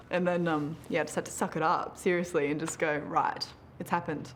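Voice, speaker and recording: A woman's voice: low voice, little pitch movement, a little fast, hardly any pauses, a little hiss or hum. A young Australian woman in her twenties, chatting casually in an interview, giggly and self-mocking. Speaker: interviewee, model.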